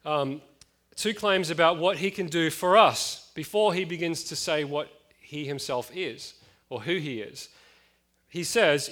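A man's voice: a little high, a little slow, a bit bright. A man in his late thirties preaching a conversational sermon, with frequent fillers and chatty asides.

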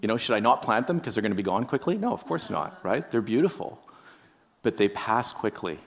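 A gravelly man of medium pitch preaches quickly and with great animation, giving a conversational sermon. The pastor muses aloud, speaks straight to his listeners, poses rhetorical questions, and frequently adds "right?" to the end of his lines.

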